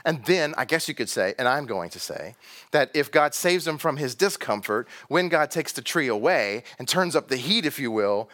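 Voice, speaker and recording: A man's voice: mid-range voice, expressive, moderate pace, a bit bright. A man from Texas, preaching a sermon to a congregation in a conversational style, drawing out key words and asking rhetorical questions. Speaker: pastor.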